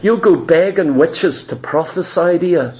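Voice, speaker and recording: A man with a high voice preaching a sermon. He retells a scripture story with drama, slipping into the voices of its characters, then presses the point home to his listeners with emphatic exhortation. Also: a little slow, a little mellow. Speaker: pastor.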